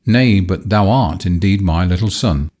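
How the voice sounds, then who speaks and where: A man's voice: low voice, unhurried, a little mellow. A man voicing a ragged beggar woman who pleads with her lost son in archaic speech in a storybook reading. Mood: pleading.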